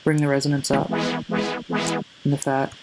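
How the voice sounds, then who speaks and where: A man giving a casual music production tutorial, relaxed and hesitant, often correcting himself as he goes. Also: fairly high pitch, takes it slowly, vocal fry, poor audio. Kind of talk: casual screen-recorded tutorial. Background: faint synth sounds.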